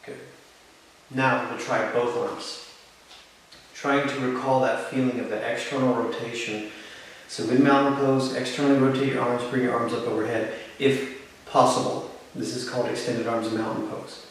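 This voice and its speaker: A man teaching a live yoga class, giving calm, encouraging step-by-step cues. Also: mid-range voice, moderate pace, far from the mic. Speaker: yoga instructor. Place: yoga studio. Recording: very echoey room, voice from off-mic, faint hiss.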